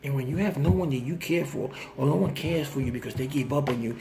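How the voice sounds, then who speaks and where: Recovering man with a rough, gravelly voice; heartfelt, repetitive direct-to-camera plea. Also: medium pitch, quick pace, a little mellow, slight background noise. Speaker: vlogger in addiction recovery. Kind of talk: earnest direct-to-camera appeal.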